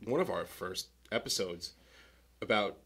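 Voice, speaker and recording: Easygoing low-voiced podcast co-host. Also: male voice, measured pace, a bit bright, husky. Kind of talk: casual chat.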